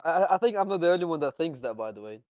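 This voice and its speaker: A man's voice: on the high side, lively intonation, racing, a little mellow, no echo. A man hosting a casual voice-chat discussion, teasing and stumbling over restarts. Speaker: discussion host. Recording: muffled lo-fi voice chat.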